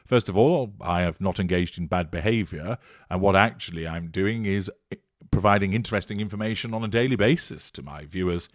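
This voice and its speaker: A man with a British accent, hosting a channel and answering viewer comments in a mocking, deliberate way. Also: low voice, dry recording, clean studio sound. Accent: British English. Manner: sardonic, mocking, deliberate and measured.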